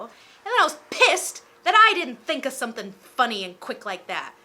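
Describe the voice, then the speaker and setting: A young woman in her twenties telling a casual storytime vlog, chatty and animated and full of filler words. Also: high-pitched, moderate pace. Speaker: storytime vlogger.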